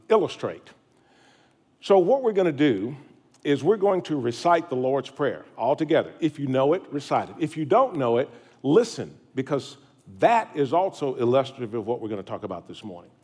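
A man's voice: mid-range voice, darkish tone. A middle-aged man, preaching a sermon to his congregation in a folksy, humorous way. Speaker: pastor. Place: church sanctuary.

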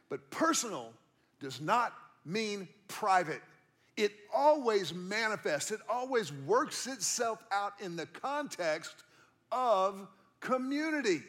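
Middle-aged pastor guy, pretty high voice, chatty sermon w/ stories, repeats lines for punch. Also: a bit bright. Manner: conversational storytelling with emphatic repeated lines. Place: church auditorium.

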